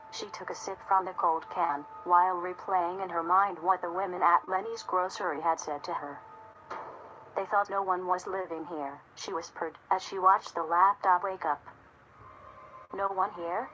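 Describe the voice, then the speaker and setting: A woman reading a story aloud in a steady, measured narration. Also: lowish voice, dull audio. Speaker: audiobook narrator. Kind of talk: scripted narration.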